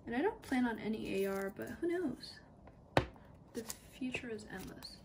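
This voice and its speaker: A young woman filming an unboxing vlog, excited and gushing, sometimes dropping to a whisper. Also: on the high side, normal speed, gravelly, noisy background. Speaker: YouTuber.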